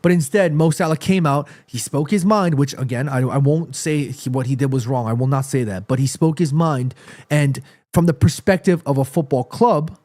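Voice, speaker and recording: Tired live-stream host with a fairly high voice, rambling through animated football opinions. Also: male voice, moderate pace. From born in South Korea, raised in New York City. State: tired and under the weather. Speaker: livestream host.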